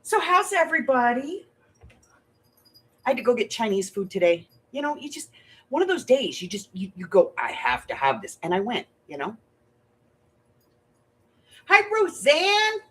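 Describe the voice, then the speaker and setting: A woman's voice: on the high side, moderate pace, husky. A middle-aged woman hosting a crafting livestream, chatting to viewers and telling stories, laughing often. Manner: chatty, animated storyteller, laughs often, greets viewers by name. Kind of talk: casual chat to live viewers.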